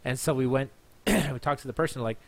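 A man hosts his podcast a little tipsy, talking at an ordinary pitch in a loose, rambling flow. He circles back, repeats himself and restarts his sentences as he tells a long story. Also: a little fast. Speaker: podcast host. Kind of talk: casual storytelling monologue.

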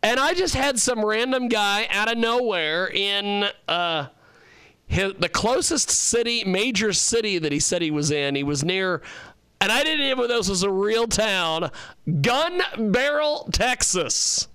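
A man hosts a radio show in a high, bright, very clear voice that swoops up and down. He talks at an unhurried pace, rambling through stories and laughing often. The sound is dry and close. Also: expressive, no echo. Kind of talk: casual radio chat.

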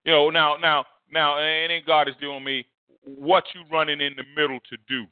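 A male pastor preaching a storytelling sermon, leaping high in pitch to act out a shouting crowd. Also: moderate pace, smooth, dry recording. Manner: animated, swings high to mimic a shouting crowd. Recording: dry, phone-like narrow sound.

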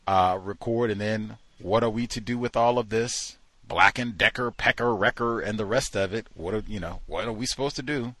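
A man's voice: on the low side, normal speed, hardly any pauses, sharp tone, no echo. A man hosting a talk show, giving incredulous, mocking commentary and acting out the people he quotes. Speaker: host.

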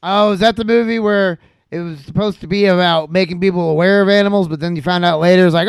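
A man co-hosting a movie podcast in casual banter, teasing and quick to mock his co-hosts. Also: sits high, fairly even intonation, clear, resonant tone, no echo. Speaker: podcast co-host. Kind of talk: casual film-review banter.

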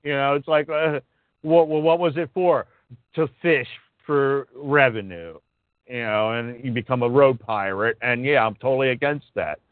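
A man co-hosting talk radio, ranting with indignation and some swearing. His voice is mid-pitched and comes through a tinny, phone-like line. The sound is dry and close. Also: normal speed, dry recording. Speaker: radio show co-host. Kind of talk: casual talk radio chat.

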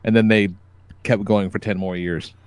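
A man co-hosting a casual podcast, joking and laughing through quick banter. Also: on the low side, fairly even intonation, clean tone, no echo. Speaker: podcast co-host.

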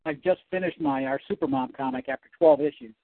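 A man, a comic book writer, talking as a guest in a casual interview, animated and rambling. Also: on the high side, fast talker, no room sound. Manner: animated, rambling, self-correcting. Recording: dry, tinny phone-like sound.

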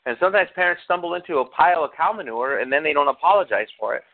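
A man's voice: a little high, expressive, very fast. A man preaching a sermon as pastor, telling stories and acting out quotes while asking the congregation questions. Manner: storytelling, acts out quotes, asks the congregation questions. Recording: tinny phone-like sound.

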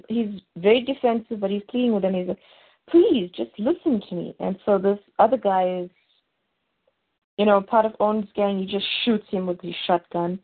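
A woman hosting a podcast, casually recapping a TV episode in a rambling way with plenty of fillers, heard over a tinny, phone-like line. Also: mid-range voice. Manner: rambling, full of fillers and restarts.

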